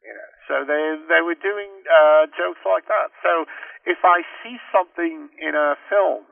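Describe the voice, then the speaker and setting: A man's voice: on the high side, a little slow, gravelly, dry recording, recorded from a distance, phone-quality sound. A man giving a rambling, casual radio interview over the phone, restarting often as he talks about reviewing films. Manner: rambling, frequent restarts and fillers. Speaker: interview guest, film reviewer.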